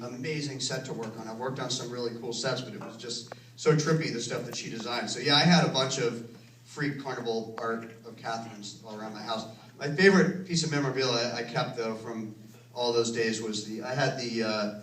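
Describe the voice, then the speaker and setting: A man's voice: mid-range voice, fairly bright tone. Man, casual Q and A, rambling anecdotes, echoey cinema hall, off-mic. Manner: rambling, self-correcting, laughs while telling stories. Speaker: filmmaker answering audience questions. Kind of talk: casual Q and A storytelling. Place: cinema auditorium. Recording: roomy, distant from the mic, faint noise.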